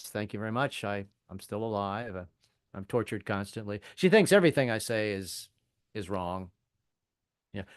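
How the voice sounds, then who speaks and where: A man's voice: medium pitch, clear, resonant tone, no room sound. Dry-voiced man doing stand-up. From American South. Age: middle-aged. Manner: storytelling, doing quick voices of family members. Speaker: stand-up comedian. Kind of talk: stand-up comedy set. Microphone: video call.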